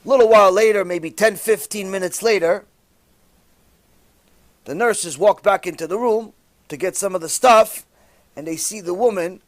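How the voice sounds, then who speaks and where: A man, a rabbi, telling a religious story in an animated way, with sudden loud bursts. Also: high voice.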